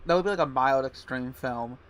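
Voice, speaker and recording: A man's voice: medium pitch, a little fast, a crowd in the background. A man chatting casually on a game stream, rambling through tangents with laughs and crude jokes. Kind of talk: casual chat over a game.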